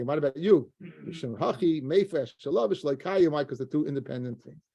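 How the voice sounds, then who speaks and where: Rabbi teaching a Talmud page. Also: male voice, fairly high pitch, lively intonation, a little fast, vocal fry, mellow, breathy edge, no echo, dull audio. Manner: reads Aramaic and translates, repeats phrases, stumbles. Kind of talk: Talmud study class.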